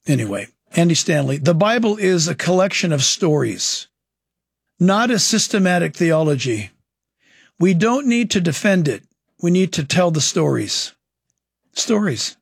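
A man with a fairly high, husky voice preaches with blunt emphasis. He poses rhetorical questions and answers them himself. The sound is dry and close. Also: no room sound. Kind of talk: sermon critiquing teachers.

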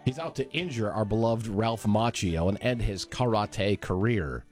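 Man, podcast co-host, storytelling, low pitch, faint music bed. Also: measured pace. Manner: animated storyteller, acts out quotes. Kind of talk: casual podcast chat.

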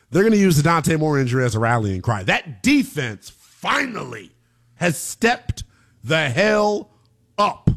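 A man hosting a sports talk radio show, emphatic and slangy, with an excitable delivery. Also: on the high side.

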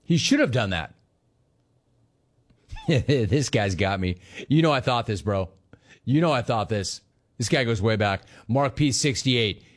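A man's voice: mid-range voice, expressive, measured pace, long pauses. A man hosting a sports talk radio show, delivering a sarcastic, mocking monologue and reading listener messages. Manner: sarcastic, mocking, laughing at callers.

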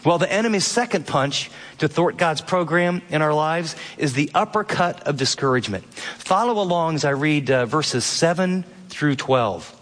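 A man's voice: on the high side, lively intonation, normal speed, a bit bright. A man preaching a sermon, emphatic and earnest, teaching from a passage and asking pointed questions. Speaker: pastor. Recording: long hall reverb.

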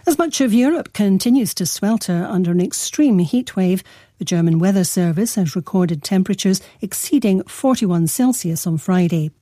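A woman newsreader reading a news bulletin in a measured, formal way. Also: mid-range voice, lively intonation, dark tone, no room sound, clean studio sound.

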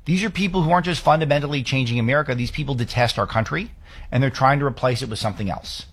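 A man's voice: mid-range voice, quick pace, slightly rough. A man hosting a political talk show, delivering commentary with emphatic, sarcastic rhetorical questions.

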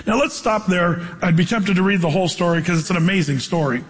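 A man preaching a sermon, reading scripture and then retelling the story in a casual, animated way with playful asides. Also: high voice, quick pace, few pauses, breathy edge, big-room sound, poor audio.

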